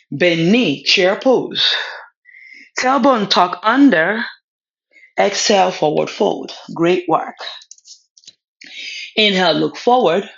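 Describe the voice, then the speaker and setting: A woman leading a yoga class, giving short calm cues for poses and breathing with a word of encouragement now and then. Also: fairly low pitch. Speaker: yoga instructor. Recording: slightly dull lo-fi sound.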